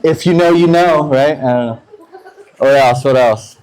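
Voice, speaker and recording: A man in his thirties from the United States doing a stand-up set, telling loose, profane stories and slipping into quick voices for the people in them. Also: medium pitch, a crowd in the background, low-quality recording. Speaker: stand-up comedian.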